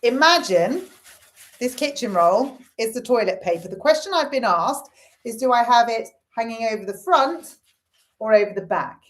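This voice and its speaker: A woman's voice: on the high side, expressive, normal speed. A middle-aged woman chatting casually on a live stream, reading comments and swearing now and then. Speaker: livestream host.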